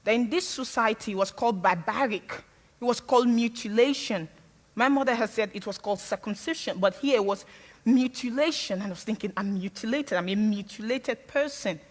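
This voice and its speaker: Speaking a little fast in a fairly high voice, this Sierra Leonean woman, whose first language isn't English, delivers a candid, humorous guest talk on stage to a live crowd. She tells stories animatedly, and the sound is that of a big room.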